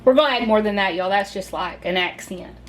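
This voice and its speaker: A woman's voice: medium pitch, brisk, fairly bright tone, slight background noise. A Southern woman hosting a casual home cooking video, chatty and gushing as she talks viewers through the steps. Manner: chatty and gushing, says y'all a lot. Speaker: cooking channel host.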